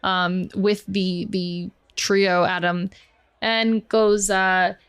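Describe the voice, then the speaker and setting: A woman running a tabletop game as dungeon master, narrating in a casual, giggly, halting way. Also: medium pitch, little pitch movement, clean tone, no echo.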